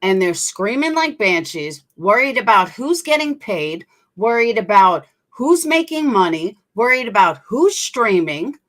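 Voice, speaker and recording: A woman's voice: medium pitch, big pitch swings, measured pace, few pauses, fairly bright tone. A woman hosting a commentary channel, talking bluntly and indignantly and swearing freely. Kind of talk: opinionated commentary.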